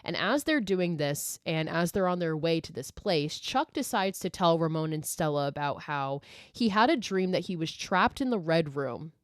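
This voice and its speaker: A woman's voice: sits low, lively intonation, moderate pace, dry recording, studio quality. A woman podcast host recapping a horror film in a casual, chatty way, swearing freely and saying "like" often.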